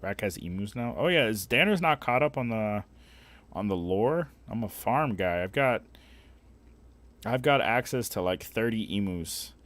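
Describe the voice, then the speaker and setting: A man's voice: fairly low pitch, expressive, unhurried, fairly bright tone. A man streaming live, bantering casually with crude jokes and lots of swearing, rambling with fillers as he talks. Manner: rambling, with frequent fillers and restarts. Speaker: livestreamer. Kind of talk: casual livestream chat.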